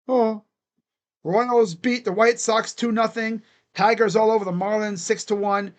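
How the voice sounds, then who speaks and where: A man's voice: high voice, fairly even intonation, a little slow, highs cut off. A young man doing casual live play-by-play of a baseball game, chatty and given to chanting and laughing. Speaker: live reaction play-by-play host.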